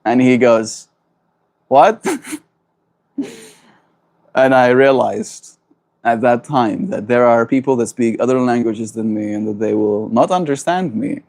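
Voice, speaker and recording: A man's voice: mid-range voice, takes it slowly, pauses often, a little mellow. A man from South Africa whose first language is Afrikaans, with an Afrikaans accent, chatting casually on a livestream. He reads viewers' messages aloud and answers them in a playful, talkative way, laughing often. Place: at home.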